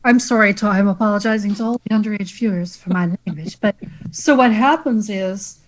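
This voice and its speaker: A woman from Canada, a guest on a podcast, chatting casually and in an animated way. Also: mid-range voice, a little fast, slight background noise, low-quality recording. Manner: animated, quotes lines from scenes. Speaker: guest, comedic actress.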